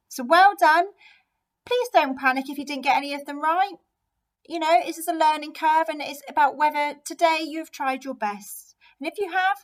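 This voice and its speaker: Encouraging high-voiced woman teacher. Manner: encouraging, explains step by step. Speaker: primary school teacher. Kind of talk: recorded remote lesson.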